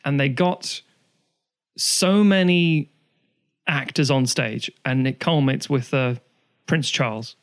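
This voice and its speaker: A man's voice: on the high side, unhurried. Rambling, sweary man. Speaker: podcast co-host. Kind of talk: casual chat.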